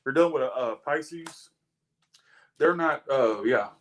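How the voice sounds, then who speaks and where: A young man talks in a loose, animated way, drifting between family stories and tarot readings. He swears casually and his voice sits at an ordinary middle pitch. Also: unhurried, a little hiss or hum. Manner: animated, laughing, swearing, chatty. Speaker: tarot reader.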